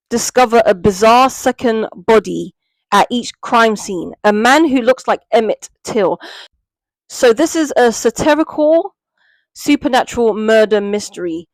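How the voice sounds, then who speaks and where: A woman's voice: fairly high pitch, no echo, rough recording. A British woman chatting casually through a book review, with plenty of fillers and asides. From Britain.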